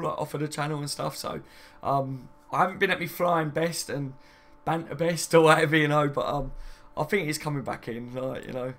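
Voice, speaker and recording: A man's voice: on the high side, fairly bright tone. A man chatting casually on a live stream, rambling and reading viewer comments aloud, saying "mate" and "you know what I mean" often. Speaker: football fan streamer.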